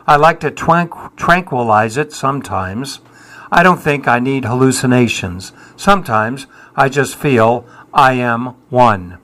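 Slow-spoken wry older man. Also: medium pitch, a bit bright. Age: 70s. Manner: wry, self-deprecating, dry humour. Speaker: musician guest. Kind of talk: reflective interview answers.

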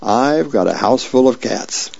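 Guy doing a deadpan older sister voice, kinda gravelly, muffled sound. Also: mid-range voice, measured pace. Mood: wry. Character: dry, wry older woman, a sister. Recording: dull lo-fi radio recording.

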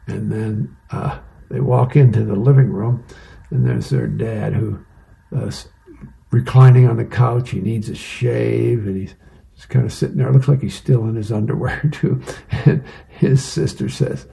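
A man volunteering as a reader, working through newspaper advice columns and describing comic strips aloud. His voice is gravelly and mellow, and he keeps a relaxed, conversational delivery. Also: lowish voice, measured pace, low-quality recording.

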